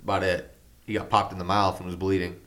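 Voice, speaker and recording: A man with a very deep voice and a bright, forceful edge, giving dry, blunt opinions in a casual chat about wrestling. He keeps his verdicts short and matter-of-fact. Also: level tone, quick pace. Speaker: podcast co-host.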